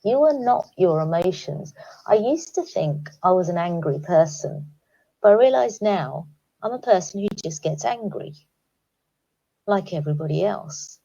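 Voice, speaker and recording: Woman, education speaker, slow and gravelly, warm low tone, dull lo-fi audio. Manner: calm, reflective, guiding listeners through questions. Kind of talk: recorded talk to teachers. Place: home, recorded remotely.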